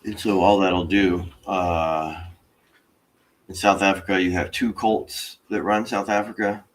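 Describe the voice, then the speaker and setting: Very low-voiced man rambling about politics. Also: steady tone. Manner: slow, rambling explanations with fillers. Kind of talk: casual political chat.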